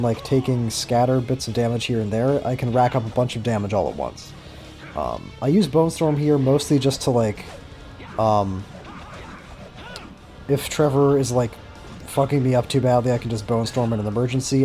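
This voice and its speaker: Guy rambling over gameplay, lots of ums, mellow voice, faint game music. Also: medium pitch. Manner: rambling, filler-heavy, casual swearing. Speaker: gameplay commentator. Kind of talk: casual gameplay commentary.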